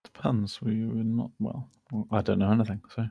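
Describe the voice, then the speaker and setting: Male tabletop player, deliberate, gravelly and low, dry close sound. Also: steady tone, no echo, highs cut off. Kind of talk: tabletop role-play.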